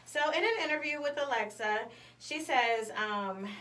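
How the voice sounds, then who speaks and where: A woman co-hosts a morning talk show, relaying a story in a loose, chatty way with plenty of fillers. Her voice sits a little high. She sounds echoey and slightly distant from the mic, with faint noise behind. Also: lively intonation, moderate pace, sharp tone. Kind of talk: casual chat.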